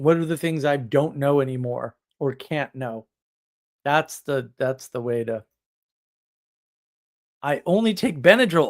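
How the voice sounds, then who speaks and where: A man hosting a live stream, chatting casually in a rambling way and laughing at his own stories. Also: on the high side. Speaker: livestream host.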